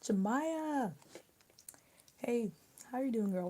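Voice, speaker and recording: A young woman from Maryland hosting a live stream, chatting casually and answering viewer comments out loud while she eats. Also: medium pitch, a little slow, slight background noise. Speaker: livestream host.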